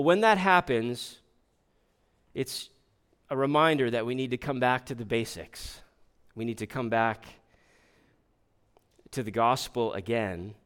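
Male preacher at mid pitch, smooth and resonant; chatty sermon, stumbles and restarts. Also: fairly bright tone. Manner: conversational, asks the congregation rhetorical questions; restarts and repeats words often. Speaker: pastor.

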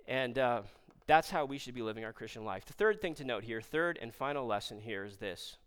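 A man's voice: mid-range voice, a bit bright, clear, resonant tone, long reverb tail. A man preaching as a Baptist pastor, in an eager, conversational sermon style with asides and small laughs.

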